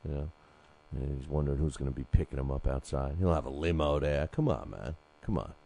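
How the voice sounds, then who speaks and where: A man's voice: a bass voice, quick pace, creaky, mellow. A man hosting a boxing show alone, chatting casually, reading listener emails and rambling with many fillers and restarts. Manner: reads listener emails aloud. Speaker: boxing podcast host. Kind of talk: casual solo commentary.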